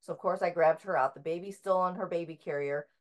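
Low-voiced woman author, halting chat. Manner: hesitant, many filler sounds and restarts. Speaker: author and interview guest. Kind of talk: casual conversational interview.

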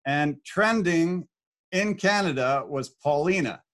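Man, fairly high voice, lively anecdotes, laughs a lot, podcast guest. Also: slow pace. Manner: animated, laughs often, acts out quotes. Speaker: podcast guest, corporate speaker. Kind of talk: casual storytelling.

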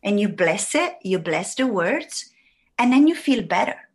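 A woman's voice: mid-range voice, sing-song, measured pace, husky. A woman talking casually and reflectively about emotions and words, rambling with many fillers. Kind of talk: casual conversation.

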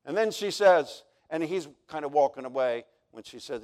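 A man preaching at a camp service, telling folksy stories that build to near-shouts. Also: on the high side, animated, moderate pace, few pauses, clean tone. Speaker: pastor. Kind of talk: storytelling sermon.

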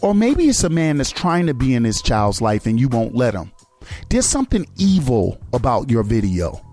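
A man's voice: medium pitch, very animated, moderate pace, darkish tone, faint music behind. A man hosting a radio show who gives a blunt, profane commentary on a video clip and keeps firing rhetorical questions at the listeners.

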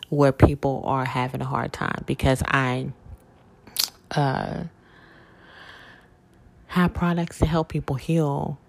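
Low-voiced woman rambling slow on her podcast, kinda monotone, lots of ums. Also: creaky. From southern United States. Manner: heartfelt, rambling, frequent fillers and self-corrections. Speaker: podcast host. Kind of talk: casual personal monologue.

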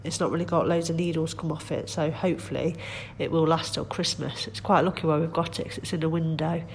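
Low-voiced woman with a stuffy cold. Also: steady tone, a little fast, darkish tone, a little hiss or hum. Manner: chatty, rambling, self-deprecating. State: congested with a cold. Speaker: vlogger. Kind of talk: casual chat. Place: home kitchen.

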